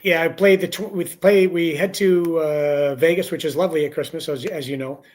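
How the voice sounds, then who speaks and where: A middle-aged man appearing as a hockey broadcaster guest, breaking down a team in a steady, friendly way. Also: a little high, normal speed. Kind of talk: casual sports chat.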